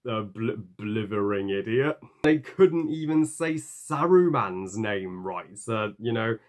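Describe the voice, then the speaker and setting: A man giving a ranting film review, halting, with many fillers and curses. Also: fairly low pitch, lively intonation. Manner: halting, full of fillers and profanity.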